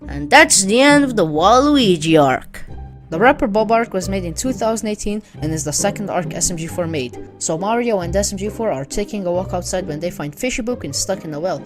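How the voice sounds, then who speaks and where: A woman narrating a plot summary in a steady, matter-of-fact way. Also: medium pitch, brisk, music in the background. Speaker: narrator summarizing a web series. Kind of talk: read-aloud plot summary.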